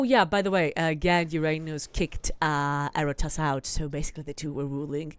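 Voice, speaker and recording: A woman's voice: mid-range voice, a little mellow, no echo. A young woman with a Greek accent, retelling myths in a rambling, chatty way with many self-corrections and asides. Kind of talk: casual storytelling monologue.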